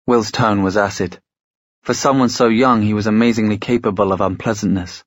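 A man narrating a story in a measured, storytelling way. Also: fairly low pitch, fairly even intonation, dry recording. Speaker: audiobook narrator. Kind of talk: scripted narration.

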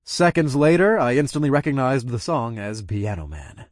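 A man reads a first-person story aloud, his pitch moving up and down as he tells it. He sounds close to the mic in a dry room with no echo, and every line carries feeling. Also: normal speed. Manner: expressive, voices every character. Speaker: audiobook narrator.

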